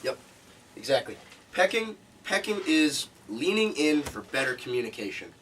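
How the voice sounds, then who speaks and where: A man's voice: mid-range voice, very animated, normal speed, a bit bright, a little hiss or hum. A man teaching a live seminar to a group, emphatic and repeating key points, recorded from a distance. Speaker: seminar instructor.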